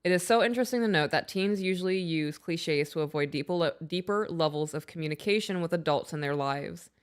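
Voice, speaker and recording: Woman, thirties, podcast co-host, low-ish voice, animated storytelling, reads passages aloud. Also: brisk, clear, resonant tone. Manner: animated storyteller, acts out her own raised voice. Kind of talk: casual podcast chat, reading aloud.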